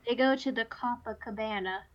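A woman's voice: a little high, a little fast, highs cut off. A woman co-hosting a podcast, chatting in a playful, joking, hyperbolic way. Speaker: podcast co-host. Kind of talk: casual chat.

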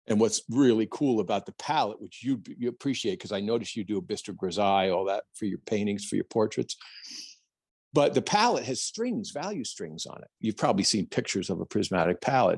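A middle-aged man with a husky, slightly breathy voice tells a story on a podcast. He is animated and acts out the voices of others. The sound is dry and close. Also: fairly low pitch, fairly quick, no room sound. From New Jersey, United States. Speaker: plein air painter, guest.

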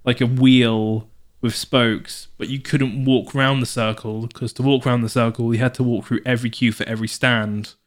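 Casual podcast chat from a male co-host with a mid-range voice, level tone, and moderate pace. He rambles and keeps restarting and correcting himself amid plenty of fillers, and he puts on voices to liven up his anecdotes.

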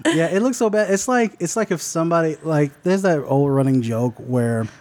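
Male podcast co-host, higher-pitched, loose joking delivery, casual film talk. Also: moderate pace, a little mellow. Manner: laughs often, loose and joking. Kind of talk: casual movie podcast chat.

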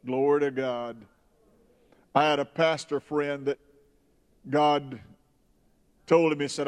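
A man preaching a sermon, slow and emphatic, rising high when stirred. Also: steady tone. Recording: long hall reverb.

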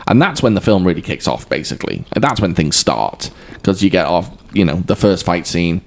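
A blunt podcast co-host with a non-rhotic English accent, speaking in a low, gravelly voice. His pitch swings widely as he chats casually about films. He swears freely and doesn't soften his opinions. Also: lively intonation, brisk. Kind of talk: casual film chat.

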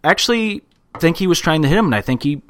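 A man's voice: a little high, expressive, quick pace, fairly bright tone. A man in casual sports chat, talking heatedly and swearing often. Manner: profane, heated.

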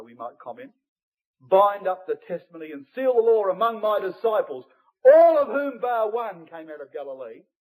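A man preaching a Bible study sermon to his congregation, earnest and emphatic, rising to forceful peaks and dropping to hushed asides. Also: high-pitched. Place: church hall. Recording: tinny lo-fi phone-like line.

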